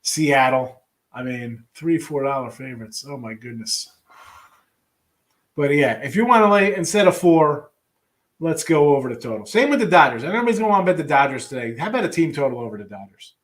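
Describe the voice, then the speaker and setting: Wry, offhand sports betting host. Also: male voice, fairly high pitch, animated, fairly quick. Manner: offhand, wry asides, trailing restarts. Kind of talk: casual picks rundown, reading live chat.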